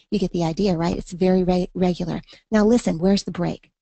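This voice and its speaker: A woman's voice: fairly low pitch, fairly quick, gravelly, few pauses, warm tone, no room sound. A woman teaching a poetry lesson in an online class, thinking aloud with fillers and reading verse in a rhythmic beat. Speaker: literature teacher.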